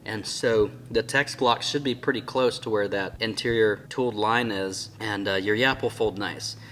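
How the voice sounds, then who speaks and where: A man's voice: fairly low pitch, fairly even intonation, a bit bright, a little hiss or hum. Chatty enthusiastic man reviewing a Bible. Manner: enthusiastic and chatty, often amused by his own slips; sounds out hard words slowly. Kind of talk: casual product review vlog.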